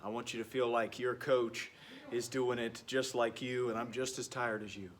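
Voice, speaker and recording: In this workout video, a PE coach exercises with his students, counting reps and cheering them on. His medium-pitched voice is flat in delivery and moves at normal speed. The sound is captured from afar in an echoey space, with slight background noise.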